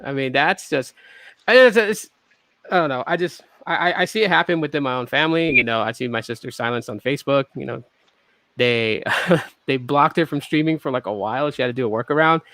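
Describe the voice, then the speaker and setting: A man's voice: medium pitch, a little fast, a bit bright, dry recording. A man hosting a casual tech podcast, talking in a hesitant way with many restarts and fillers. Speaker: podcast host.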